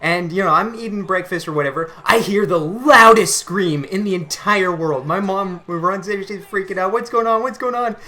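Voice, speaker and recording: A man's voice: high voice, normal speed, hardly any pauses, sharp tone. A young man hosting his channel, chatting casually and laughing at his own stories. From Canada. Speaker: channel host. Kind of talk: casual storytelling to camera.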